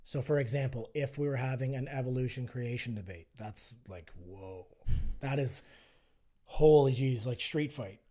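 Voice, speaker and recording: A man's voice: mid-range voice, normal speed, warm tone. A man guesting on a podcast, talking persuasively and acting out both sides of an argument in casual conversation. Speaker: guest, health and fitness entrepreneur.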